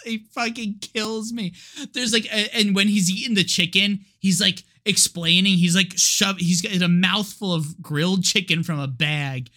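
With a high, bright, forceful voice, this man co-hosts a podcast and discusses a movie in a casual way. Frequent laughter and lots of filler words run through his talk.

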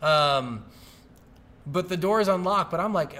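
A man co-hosting a casual gaming podcast, talking fast and loose and swearing often. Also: sits high. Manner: animated, swears a lot. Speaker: podcast co-host.

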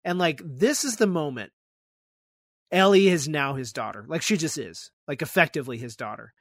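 A man's voice: a little high, expressive, normal speed, fairly bright tone, no echo. A young adult man hosting a podcast, casually and animatedly retelling a story and swearing freely. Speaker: podcast host. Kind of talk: casual chat.

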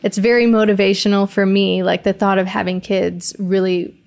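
A woman's voice: mid-range voice, flat delivery, moderate pace, vocal fry, a little mellow. A young woman hosting a casual podcast chat, reflecting supportively and affirming her guest.

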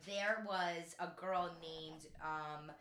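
A woman's voice: on the low side, fairly even intonation, extremely slow, fairly bright tone, echoey room, a little hiss or hum. Bubbly, rambling woman co-host. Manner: bubbly, rambling, apologetic, laughs often. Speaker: podcast co-host. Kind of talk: casual chat.

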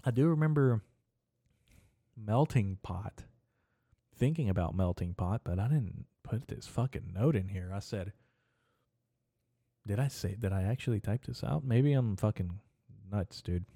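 A young man hosting a solo podcast, rambling and meandering in a casual, profane way and talking things through out loud. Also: on the low side, expressive, a little slow, pauses often, breathy edge, dry recording, studio quality. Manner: profane, meandering, talks to himself. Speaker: podcast host.

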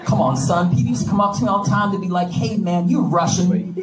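A man's voice: sits high, racing, over music. A man doing a stand-up comedy set with a brash manner, joking with the crowd. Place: comedy club stage. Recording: echoey club, distant mic, audience noise. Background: audience laughing.

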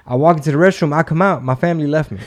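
A man in his thirties telling a story in casual podcast chat, swearing freely and acting out what people said. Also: on the high side. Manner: profane, animated, acts out quotes. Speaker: podcast host.

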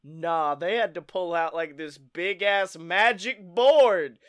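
Podcast host guy, high voice, super clean tone, jokey and swears a lot. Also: takes it slowly, clean tone. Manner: swears freely, jokey and animated. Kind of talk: casual podcast chat.

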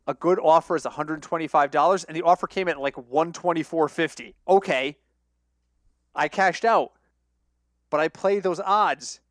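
A young man with a fairly high voice tells betting stories on a podcast, jumping into little acted-out quotes and laughing along the way. The sound is close and dry, with no room around it. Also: moderate pace, dry recording. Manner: animated storyteller, acts out quoted voices, laughs often. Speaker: podcast co-host. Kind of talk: casual sports betting chat.

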